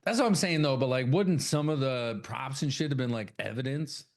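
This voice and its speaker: A man's voice: mid-range voice, moderate pace, gravelly. A man co-hosting a horror podcast, loosely retelling a film's plot with swearing and acted-out character lines. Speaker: podcast co-host. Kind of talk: casual movie recap chat.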